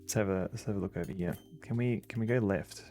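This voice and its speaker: A man's voice: on the low side, quick pace, mellow, faint music behind. An Australian man chatting casually while streaming a game at home, rambling and talking fondly to his dogs. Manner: rambling, chatty, fond baby-talk to dogs. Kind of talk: casual live-stream chat.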